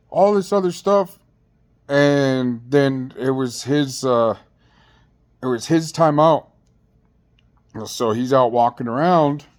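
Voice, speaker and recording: A man's voice: mid-range voice, darkish tone. Man, ex-inmate storyteller: slangy, blunt, rambling delivery, mid-range voice. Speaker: former inmate telling a jail story. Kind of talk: casual storytelling.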